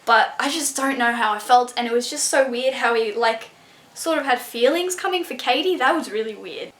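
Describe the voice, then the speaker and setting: A young woman reviewing a book in a casual vlog, excitable and gushing, full of "like" and swearing. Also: on the high side, moderate pace. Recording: echoey room.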